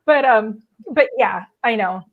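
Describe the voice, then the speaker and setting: A woman's voice: a little high, measured pace, narrow, tinny audio. A woman hosting a casual TV chat, talking in a chatty, giggly way with lots of "like". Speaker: host.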